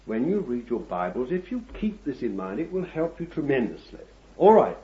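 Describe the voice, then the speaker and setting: A man preaching a sermon, with drawn-out emphatic phrasing and asides to the congregation that build to forceful preaching. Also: medium pitch, big pitch swings. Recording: dull lo-fi sermon recording.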